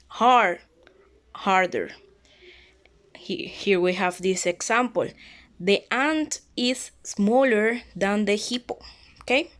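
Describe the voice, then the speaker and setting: A young woman explains grammar rules at a slow, unhurried pace, repeating each word so learners can follow. Her voice sits in an ordinary middle pitch, with small grammar slips of her own. The delivery is patient and methodical, like a classroom walkthrough. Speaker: English teacher.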